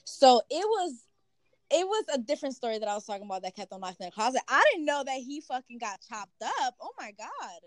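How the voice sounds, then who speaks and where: A woman co-hosting a casual podcast chat, animated and slangy, at times reading news aloud. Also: sits high, a little fast, no echo, low-quality recording. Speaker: podcast co-host.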